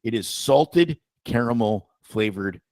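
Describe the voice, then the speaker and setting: A male doctor in playful, teasing casual chat, his pitch leaping about with lively swings. The recording is dry and close, with no room sound. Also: takes it slowly, no room sound. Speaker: doctor, co-host.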